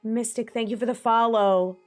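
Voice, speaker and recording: A woman streaming a game live, chatting casually and breaking into frantic shrieks and shouts when she gets scared. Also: on the high side, fairly even intonation, normal speed, faint music behind.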